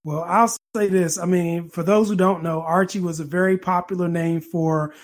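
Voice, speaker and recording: A man's voice: high-pitched, fairly even intonation. A man co-hosting a podcast, trading playful jokes with a friend. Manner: playful, joking, quick laughs. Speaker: podcast co-host. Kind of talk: casual podcast banter.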